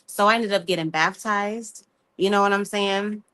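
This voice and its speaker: A woman, telling her story in a casual group chat in an animated, talkative way. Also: mid-range voice, normal speed, clean tone. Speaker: podcast guest.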